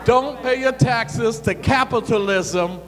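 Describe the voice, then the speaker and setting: A man giving a fiery public speech, an animated, colloquial storyteller who says he gets excited. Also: very high-pitched, slow, faint music behind. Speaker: former city council member giving a talk. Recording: reverberant hall with faint hum.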